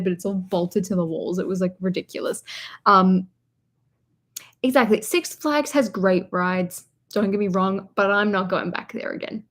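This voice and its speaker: Chatty young woman rambling on a livestream. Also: medium pitch. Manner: rambling storytelling, chats to viewers. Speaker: vlogger hosting a livestream. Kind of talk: casual live-stream chat. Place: indoors in a hotel room.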